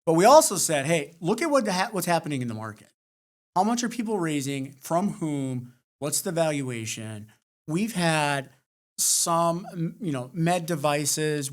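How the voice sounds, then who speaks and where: A man co-hosting a podcast, talking bluntly and swearing casually in relaxed chat. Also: on the high side. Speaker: podcast co-host.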